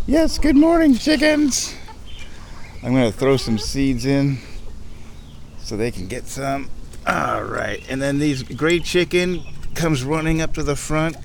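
Man, unhurried, rambling vlog chat outdoors by a chicken run, faint wind noise. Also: mid-range voice. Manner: rambling, chatty, talks baby-talk to chickens. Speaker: vlogger. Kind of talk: casual walk-and-talk vlog.

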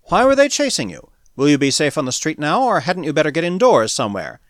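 A man voicing a blunt, tough male space adventurer who speaks in curt, forceful questions. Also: on the high side, big pitch swings, fast talker, dry recording, clean studio sound. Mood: brusque. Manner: curt, brusque questions, louder than narration.

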